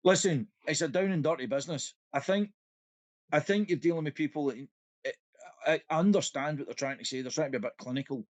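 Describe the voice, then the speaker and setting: A man's voice: fairly high pitch, fast, no room sound. A Scottish man co-hosting a podcast in casual chat, acting out quotes and laughing often. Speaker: podcast co-host.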